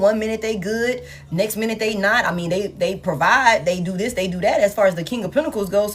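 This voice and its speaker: A woman's voice: on the high side, slightly rough. Woman w/ doing a tarot reading, blunt, cusses a lot, laughs, talks to y'all. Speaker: tarot reader. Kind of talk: casual collective tarot reading.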